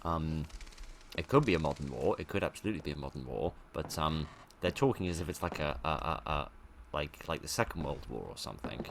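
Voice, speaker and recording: A man's voice: very deep voice, lively intonation, a little fast, slight background noise. A British man giving casual commentary while playing a game, rambling and self-mocking with frequent restarts. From Britain. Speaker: let's play gamer.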